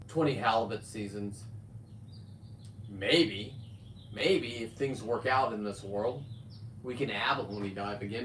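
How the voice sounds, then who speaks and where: A man in his fifties talking casually on a live stream, rambling with loud outbursts and frequent swearing. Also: medium pitch, a little hiss or hum. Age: 50s. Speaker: livestreamer reading viewer comments. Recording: echoey, distant from the mic.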